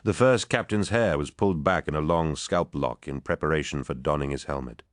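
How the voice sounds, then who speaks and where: Brief: male audiobook narrator, extremely deep, bone-dry close studio read, measured. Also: no room sound.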